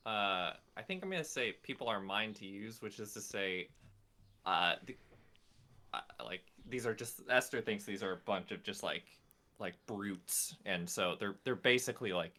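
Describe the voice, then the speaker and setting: A man's voice: fairly low pitch, moderate pace, sharp tone. A man playing in a tabletop role-playing game, speaking in a rambling, hesitant way. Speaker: player. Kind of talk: casual tabletop play.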